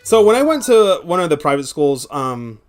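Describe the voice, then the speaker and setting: A man's voice: fairly high pitch, normal speed. A young man chatting casually while he streams a game, telling rambling stories with plenty of swearing. His voice sits a little above the typical male range. Faint music plays underneath. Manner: rambling, profane, animated storytelling. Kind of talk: casual gameplay chat and storytelling.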